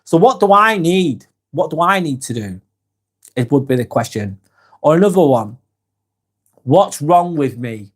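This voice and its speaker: A man's voice: a little high, lively intonation, moderate pace. A middle-aged man from England with a Lancashire accent, hosting a live vlog. He has a cold and coughs now and then, and he talks frankly and casually, swearing freely and restarting his sentences. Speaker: vlog host. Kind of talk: live-stream chat reading comments.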